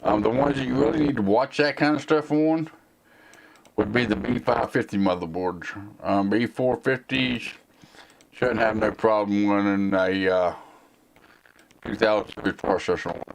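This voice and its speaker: A man's voice: lowish voice, normal speed, vocal fry, slight background noise. A man with a Southern American accent and a slight slur, rambling casually as he answers viewer questions on a live tech stream. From United States. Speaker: tech channel host.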